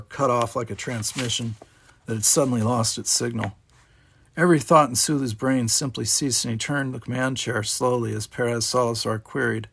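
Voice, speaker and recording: Gravelly, husky man narrating a story. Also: mid-range voice, steady tone, normal speed, a bit bright. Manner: reads with varied character voices. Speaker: audiobook reader. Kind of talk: fan-fiction audiobook narration.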